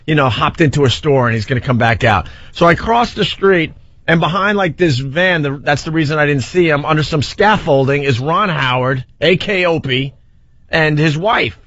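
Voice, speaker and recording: A man in his forties hosting a radio show, telling a self-mocking story in a lively, casual way from a studio mic. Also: on the high side, normal speed, no room sound. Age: 40s. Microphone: studio microphone. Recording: slightly dull, dry radio broadcast audio.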